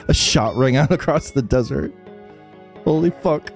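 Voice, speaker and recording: A man hosting a game playthrough, reading the story aloud and reacting with laughs and quick comments. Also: mid-range voice, faint music behind. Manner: lively, laughs and reacts mid-read. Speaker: let's play host.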